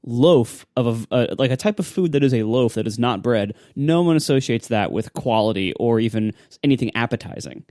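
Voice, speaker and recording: A wry, amused man co-hosts a casual podcast, rambling a bit. His pitch bounces around freely. The sound is close and dry. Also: lively intonation, brisk, a little mellow, dry recording. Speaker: podcast co-host. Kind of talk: casual chat.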